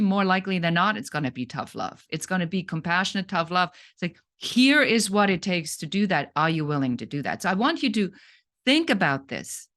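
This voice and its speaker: A woman's voice: mid-range voice, fairly bright tone. A middle-aged woman business coach speaking to camera, earnest and blunt, often restarting her sentences. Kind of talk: direct-to-camera sales talk.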